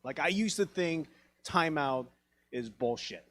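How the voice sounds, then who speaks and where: A stand-up comedian in his thirties, originally from Taiwan, works a theatre crowd with profane, self-deprecating stories. He acts out the other people in his dialogue. His voice sits a little on the high side. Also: lively intonation, unhurried, fairly bright tone. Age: 30s. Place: theatre stage.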